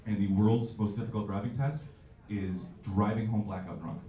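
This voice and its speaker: A stand-up comic in his twenties performs on a comedy club stage, his fairly low, mellow voice keeping a mostly even intonation at normal speed. He's loose and self-mocking, jumping into acted-out voices, and the audio is echoey and distant.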